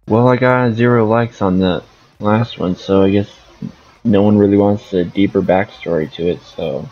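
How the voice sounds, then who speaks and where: A man's voice: fairly low pitch, fairly even intonation, normal speed, highs cut off, faint music behind. A man giving casual gameplay commentary as a streamer, rambling and thinking aloud. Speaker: gaming streamer.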